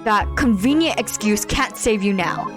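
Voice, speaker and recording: A woman voicing a cold, haughty male prosecutor with a slow, dismissive delivery. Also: mid-range voice, lively intonation, over music, close to an everyday voice.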